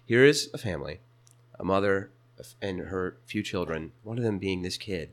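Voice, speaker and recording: A young man casually telling a funny story, his voice jumping up high whenever he quotes people. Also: moderate pace. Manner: animated, jumps to high pitch when quoting people.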